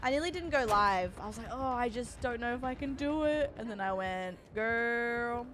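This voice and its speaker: A woman's voice: on the high side, expressive, brisk, fairly bright tone, soft background music. A young woman streaming from home, chatting casually and rambling as she greets her chat by name.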